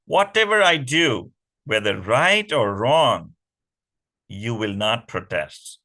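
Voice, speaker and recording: A man voicing an alluring divine enchantress who gently warns and bargains, in a raised voice. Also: medium pitch, big pitch swings, takes it slowly, full character voice. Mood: bargaining. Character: alluring divine enchantress woman, calm and teasing.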